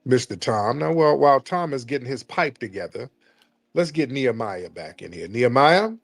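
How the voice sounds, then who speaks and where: A man's voice: mid-range voice, animated, normal speed, gravelly, no room sound, soft background music. A man hosting a call-in stream, taunting and mocking a caller in a heated argument.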